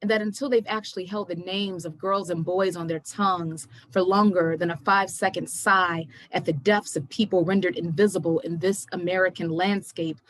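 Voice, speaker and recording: A young woman poet reading her poems aloud at a virtual event, measured and emphatic, pressing hard on the questions. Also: on the low side, fairly bright tone, dry recording. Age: young adult. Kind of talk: poetry reading. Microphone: video call.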